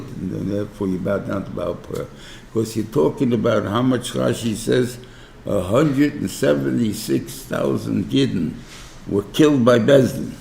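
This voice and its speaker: A New rabbi giving an informal class, talking conversationally, often checking in with "right?" and using everyday examples. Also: male voice, fairly low pitch, moderate pace, gravelly, dark tone, echoey room, a little hiss or hum. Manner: explains through everyday examples. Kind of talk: informal Torah class lecture.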